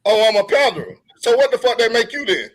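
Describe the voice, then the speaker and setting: A man on a live panel argues fast and profanely, talking over the host. His voice sits high for a man. The sound is close and dry. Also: sing-song, no echo. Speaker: panel guest. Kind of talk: heated panel argument.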